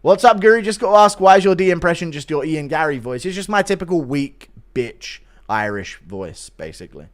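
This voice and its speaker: A man's voice: fairly high pitch, expressive, fairly quick, few pauses. A man live-streaming, reading out donations and joking crudely, laughing often. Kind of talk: casual chat.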